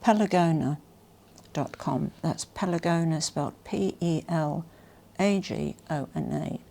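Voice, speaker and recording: A woman vlogger presenting a haul in a casual, gushing and emotional way, often dropping to soft whispers. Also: low-pitched, measured pace, creaky. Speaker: fashion vlogger.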